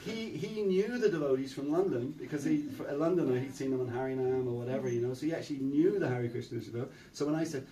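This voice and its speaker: A man's voice: medium pitch, fast, a loud crowd. Irish man telling a story in a roomy hall. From Ireland. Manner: anecdotal, chatty, many fillers and repeats. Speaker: preacher. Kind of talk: storytelling talk. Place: temple hall. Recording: roomy sound from a distant mic.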